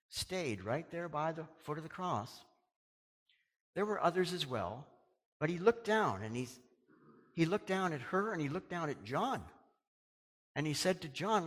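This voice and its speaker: Male pastor, animated sermon delivery with big pitch swings, recorded in a reverberant hall. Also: normal speed, long pauses. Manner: dramatic preaching, dropping to a hush on quoted words.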